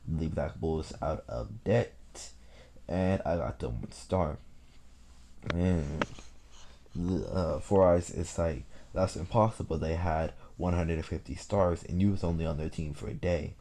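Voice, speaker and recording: Very deep slow rambling young man. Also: mellow. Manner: rambling, halting, many fillers and restarts. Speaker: fan storyteller. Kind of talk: casual retelling of a fan story.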